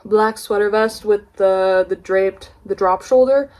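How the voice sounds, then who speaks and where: A young woman from the United States, chatting excitedly in a casual haul vlog, gushing and swearing casually. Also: medium pitch, measured pace. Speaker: vlogger.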